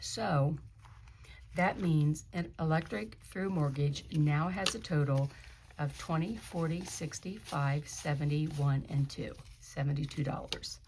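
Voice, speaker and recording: A woman vlogging about budgeting, counting money aloud in a steady, gentle way and encouraging her viewers. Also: sits low, unhurried, slight background noise. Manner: counts bills aloud softly, then gets emotional and encouraging. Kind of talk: casual budgeting vlog, counting cash.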